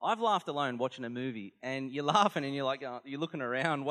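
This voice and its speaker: A man's voice: fairly high pitch, moderate pace, a bit bright, in a large hall. A man giving a sermon as a pastor, earnest and conversational, telling stories to the congregation.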